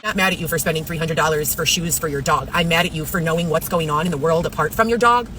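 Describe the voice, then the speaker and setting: A woman's voice: low voice, fast, bright, forceful tone, a little hiss or hum. A woman vlogging in a rambling monologue, blunt and profane, piling up complaints.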